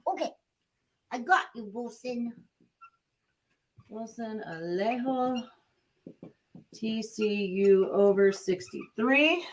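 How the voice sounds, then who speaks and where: High-voiced woman reading viewers' betting picks. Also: takes it slowly, pauses often. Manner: rattles off viewer picks and lines, chatty. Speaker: sports betting show host. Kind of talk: live-stream sports picks chat.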